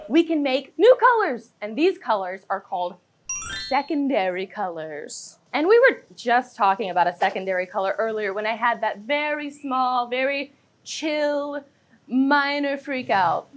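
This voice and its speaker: A woman's voice: fairly high pitch, very animated, moderate pace, a little hiss or hum. A young woman hosting a kids' lesson, bubbly and playful with exaggerated delivery. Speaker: children's show host. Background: background music.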